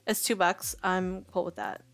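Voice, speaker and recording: A woman's voice: on the low side, very animated, normal speed, fairly bright tone, dry recording, faint music behind. A woman streamer chatting casually and thinking aloud, rambling and indecisive. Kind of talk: casual live-stream chat.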